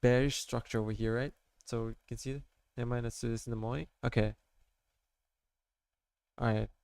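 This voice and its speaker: A man walks viewers through his trading charts in a casual, meandering way, constantly checking in with "right?" and "okay?". His voice is smooth and clear. The sound is dry and close, with no room echo. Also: medium pitch, fairly even intonation, moderate pace, a little mellow. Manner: rambling, full of "like" and "right?", talking to viewers. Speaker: amateur trader showing his charts. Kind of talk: casual screen-share tutorial.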